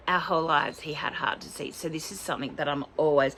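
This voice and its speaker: A woman's voice: sits low, fairly even intonation, fast, fairly bright tone, slight background noise, low-quality recording. A woman, chatting heartfelt about her year in a personal vlog. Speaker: vlogger. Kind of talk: personal year-in-review chat.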